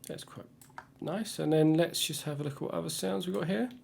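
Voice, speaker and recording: Gravelly man humming through a tutorial. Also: a little high, brisk. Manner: relaxed, thinking aloud, hums melodies. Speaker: music tutorial host. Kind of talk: casual screen-recorded tutorial. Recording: loud music under voice.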